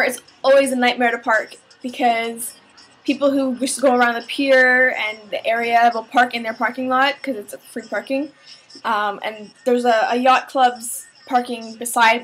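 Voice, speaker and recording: A woman's voice: a little high, a bit bright, rough recording. A young woman, rambling casually in a vlog with plenty of fillers and restarts. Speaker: vlogger.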